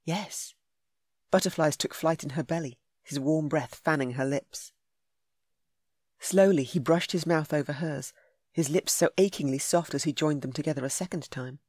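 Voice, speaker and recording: Low-voiced woman reading a romance. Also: a little mellow, husky, no room sound, clean studio sound. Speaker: audiobook narrator. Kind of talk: scripted narration.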